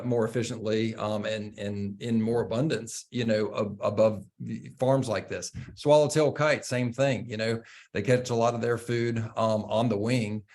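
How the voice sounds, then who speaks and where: A man hosting a casual conversation, talking haltingly with many fillers and restarts. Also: fairly low pitch, a little mellow.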